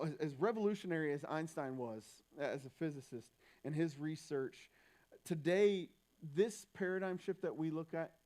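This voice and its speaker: A man's voice: on the high side, a little mellow. A young man preaching a sermon in a church, talking in a loose, conversational way with frequent restarts. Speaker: pastor.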